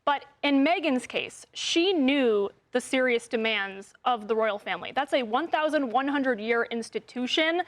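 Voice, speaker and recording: A woman's voice: high voice, lively intonation, normal speed, hardly any pauses. A woman giving firm, confident opinions as a commentator on a TV panel show.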